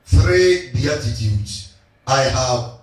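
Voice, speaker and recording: A man's voice: medium pitch, animated, very slow. Male pastor, call-and-response sermon teacher; echoey distant church sound with faint music. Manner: teaching call-and-response, repeating reader's lines.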